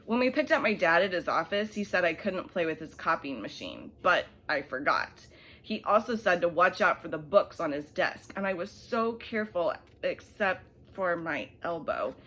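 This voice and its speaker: Lively woman reading a bedtime story. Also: on the low side, moderate pace. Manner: expressive, animated storybook reading with soft hushed asides. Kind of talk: bedtime story read aloud.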